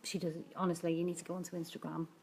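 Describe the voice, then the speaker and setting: A woman's voice: fairly low pitch, flat delivery, racing, darkish tone, slight background noise. Chatty giggly Welsh woman. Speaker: nail technician host. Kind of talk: live-stream nail demo chat. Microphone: phone.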